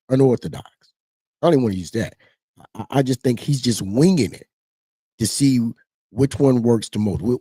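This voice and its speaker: A man talking in a casual, rambling political commentary, animated and mocking. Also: on the low side, breathy edge, no echo. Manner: animated, rambling, mocks others in put-on voices.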